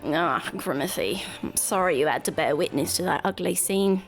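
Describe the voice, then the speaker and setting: A woman's voice: on the low side, moderate pace, soft background music, close to an everyday voice. A woman voicing a weary, stern female receptionist in a game, with a put-on accent and a solemn delivery.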